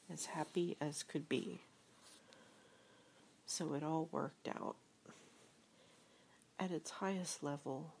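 A woman giving a soft-spoken reading of a storybook with reflective passages, often half-whispered. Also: deep voice, vocal fry, a little hiss or hum. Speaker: reader.

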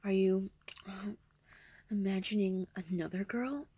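A young woman in a whispered role-play, talking in a teasing, intimate, breathy way. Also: mid-range voice, slow pace, warm tone, slight background noise.

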